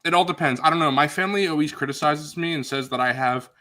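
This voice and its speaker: A man's voice: a little high, fast talker, bright, forceful tone. A man with a New York accent co-hosting a casual livestream chat, rambling and joking. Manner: rambling, jokey. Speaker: co-host.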